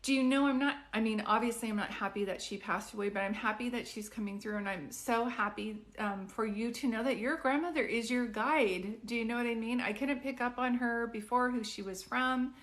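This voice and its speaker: A woman's voice: fairly high pitch, brisk, hardly any pauses, fairly bright tone. A middle-aged woman giving psychic readings on a live stream, chatty and reassuring, often saying "like" and "do you know what I mean".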